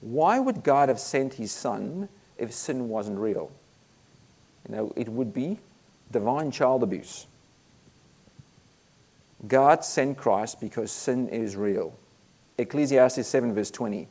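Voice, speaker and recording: A man's voice: mid-range voice, expressive, a little slow, darkish tone. A man preaching a sermon, earnest and emphatic, reading Bible verses aloud between points.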